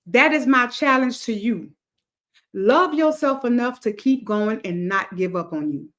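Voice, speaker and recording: A woman's voice: a little high, expressive, measured pace, a bit bright. A woman hosting a motivational livestream, talking to her chat in an emphatic, repetitive cadence like a preacher. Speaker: livestream host.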